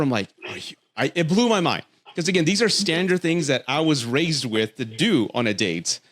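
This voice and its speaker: A man's voice: a little fast, hardly any pauses. A man with a Texan accent hosting a casual podcast conversation, telling stories animatedly and acting out quoted lines. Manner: animated storyteller, acts out quotes in a high voice. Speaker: podcast host. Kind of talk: casual chat.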